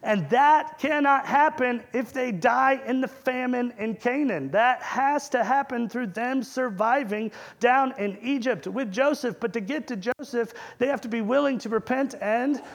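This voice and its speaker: A man's voice: very high voice, measured pace, few pauses. A man preaching a sermon in a conversational way, asking the congregation rhetorical questions.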